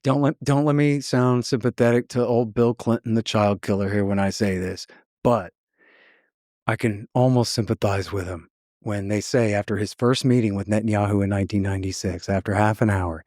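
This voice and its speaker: A man's voice: lowish voice, fairly even intonation, moderate pace, darkish tone, dry recording, studio quality. A man being interviewed on a podcast, talking bluntly and sarcastically, mocking the people he quotes as he tells his story. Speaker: guest.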